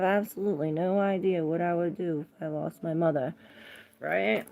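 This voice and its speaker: A woman with a gravelly, heavily creaky voice that sits a little low. She talks in a loose, rambling way as a tarot reader on a casual livestream, calling out to viewers by name between thoughts. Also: fairly even intonation, normal speed, a little mellow, dull audio.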